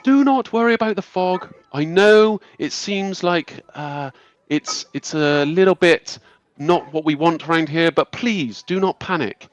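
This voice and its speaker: A man voicing a graceful, authoritative high elf woman who soothes a crowd in a formal, reassuring manner. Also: lively intonation, a little slow, no room sound, dull audio. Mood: soothing.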